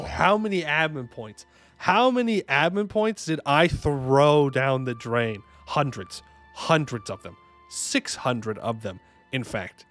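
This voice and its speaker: A man's voice: a little high, a bit bright. A man streaming a strategy game, chatting casually and joking with his chat, humming little fanfares as he plays. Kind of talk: casual gameplay commentary. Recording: faint music behind voice.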